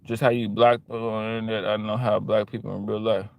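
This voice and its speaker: A young man from Louisiana with a Southern accent, telling a slangy, animated story and acting out the scenes. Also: on the low side, quick pace, creaky. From Baton Rouge, Louisiana. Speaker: vlogger. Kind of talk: casual storytelling rant.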